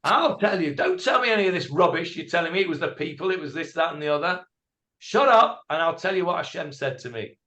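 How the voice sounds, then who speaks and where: A man playing a furious old prophet who shouts and scolds a king. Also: a little high, animated, fast. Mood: angry.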